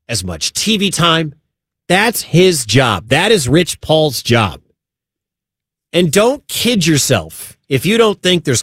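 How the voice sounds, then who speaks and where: A man's voice: fairly high pitch, fairly bright tone, dry recording, studio quality. A man hosting a sports talk radio show, talking emphatically and repeating his points for stress.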